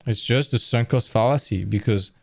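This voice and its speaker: A man's voice: mid-range voice, normal speed, vocal fry, darkish tone, soft background music. A tired man hosting an art stream, talking casually and correcting himself as he goes. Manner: rambling, self-correcting, conversational. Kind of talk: casual live-stream talk.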